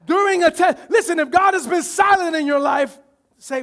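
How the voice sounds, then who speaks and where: A man preaching a sermon as pastor, animated, often shouting and laughing while acting out voices from the story. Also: extremely high pitch, normal speed, some chatter behind.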